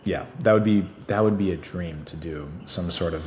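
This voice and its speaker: Deep-voiced man chatting in an echoey room. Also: moderate pace, darkish tone. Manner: rambling, laughing, many fillers. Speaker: actor guest. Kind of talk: casual interview chat. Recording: echoey room with faint noise.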